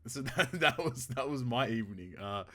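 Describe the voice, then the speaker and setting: A man's voice: medium pitch, normal speed, over a noisy crowd. A young man co-hosting a casual podcast chat, telling a story with lots of laughter and acted-out quotes. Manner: animated storyteller, acts out quotes, laughs often, swears. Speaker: podcast co-host.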